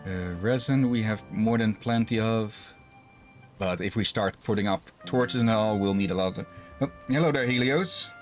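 A man streaming a co-op game with a friend, relaxed, thinking aloud and laughing often. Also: fairly low pitch, normal speed, faint music behind. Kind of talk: casual gaming chat.

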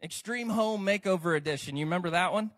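An American man preaching a sermon as pastor, lively and conversational, often checking in with the congregation. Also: high-pitched, quick pace.

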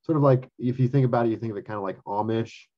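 A man co-hosting a casual discussion, talking with many ums and pauses. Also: medium pitch, dull audio. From US Pacific Northwest. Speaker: co-host.

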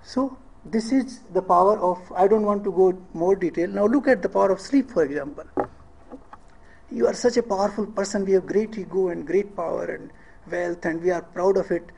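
A man's voice: sits high, normal speed, gravelly, darkish tone, breathy edge, low-quality recording. A middle-aged man with an Indian English accent giving a public lecture, often asking the audience questions and checking in with "eh?". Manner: rhetorical questions, asks audience "eh?".

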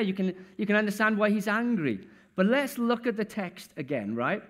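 A male preacher gives a sermon in a church in an easy, conversational manner. He keeps asking his listeners questions, and his voice sits somewhat higher than most men's. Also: very animated, quick pace.

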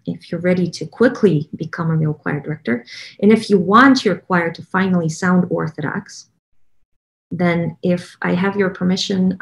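A woman with a Russian accent talking casually as a choir director, with many fillers and restarts. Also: fairly low pitch. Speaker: choir director promoting a training program. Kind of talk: casual promotional talk.

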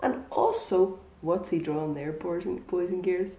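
A woman's voice: lowish voice, animated, a little slow, dark tone. A woman, reading a picture book aloud to children in a bookshop and coaxing them with questions. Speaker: storytime reader. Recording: echoey room, dull lo-fi sound.

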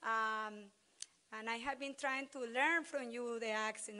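A woman speaks slowly, welcoming the audience at a farming short course. Her talk is hesitant and full of fillers and restarts, as if addressing a room from a podium microphone. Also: a little high, fairly even intonation, bright, forceful tone. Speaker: university extension professor welcoming attendees.

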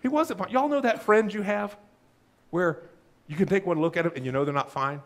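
A man preaching a sermon as pastor, animated and humorous, acting out little asides. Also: high voice, brisk.

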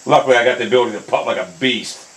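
A young man commentating his own golf video game, hot-tempered and swearing constantly, often bursting into angry shouts. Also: medium pitch, rapid-fire, a little hiss or hum, low-quality recording. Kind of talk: live gameplay commentary.

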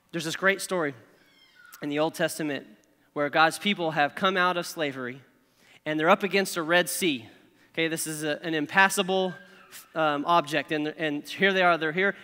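Bright-voiced man preaching in a hall. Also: high voice. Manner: conversational preaching, frequent "okay?" and "right?" asides. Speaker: pastor. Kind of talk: sermon.

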